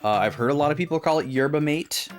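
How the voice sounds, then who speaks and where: A man's voice: on the high side, very fast, faint music behind. A young adult man hosting a stream, chatting casually and rambling with lots of fillers. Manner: rambling, filler-heavy, conversational. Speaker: podcast co-host. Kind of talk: casual chat.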